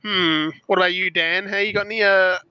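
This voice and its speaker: An excitable man with a high, bright voice talks in a rambling way and laughs often as a podcast guest. His voice has a bright edge. The sound is dull and lo-fi, with a dry, close feel. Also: brisk, clear, resonant tone, no room sound. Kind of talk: casual chat.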